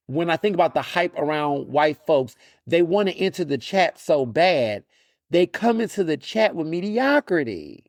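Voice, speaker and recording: A man's voice: on the high side, no room sound, clean studio sound. A man, hosting a podcast with opinionated, sardonic solo commentary, often restarting and repeating words. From Texas. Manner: animated, sardonic, mocking asides. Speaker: podcast host.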